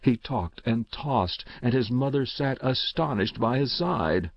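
A man reading a story aloud as narrator in a measured, steady way. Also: medium pitch, gravelly, no room sound. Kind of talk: audiobook reading. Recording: slightly dull dry recording.

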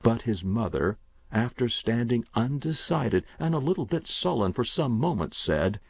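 A man narrating a short story aloud in an expressive, measured reading. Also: mid-range voice, gravelly, slightly rough, no room sound. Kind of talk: audiobook reading. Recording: dull, dry recording.

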